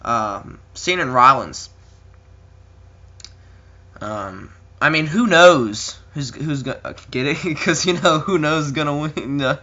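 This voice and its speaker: Young male vlogger, bright edgy voice, rambling casual predictions, muffled lo-fi home mic. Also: a little high, lively intonation, unhurried. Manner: rambling, many ums and uhs, chuckling asides. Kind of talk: casual solo commentary.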